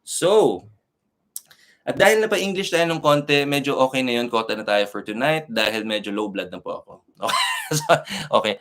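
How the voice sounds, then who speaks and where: A man's voice: mid-range voice, animated, a little fast, noisy background. A young man with a Filipino accent, a Reiki master and tarot reader chatting casually with viewers on a live stream, switching between English and Tagalog and laughing often. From Philippines.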